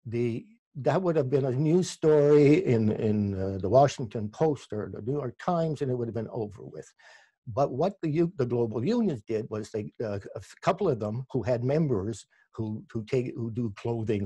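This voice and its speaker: A man's voice: medium pitch, lively intonation, normal speed, warm tone, husky, no echo. A Canadian man answering interview questions about labour radio, thoughtful, often restarting and correcting himself. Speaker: labour radio producer and podcast guest.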